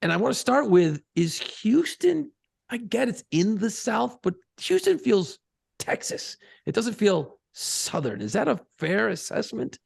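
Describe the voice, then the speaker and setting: A man's voice: sits high, very animated, a little slow, vocal fry, breathy edge, no echo, studio quality. A man from Buffalo, New York, co-hosting a podcast in casual, profane, rambling banter. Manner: profane, rambling, laughs often. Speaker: podcast co-host.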